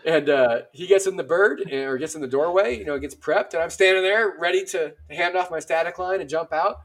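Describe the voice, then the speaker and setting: This man's voice is high and a little fast; he's in his thirties, an army veteran on as a guest, casually telling stories. Animated throughout, he acts out what people said, with frequent fillers.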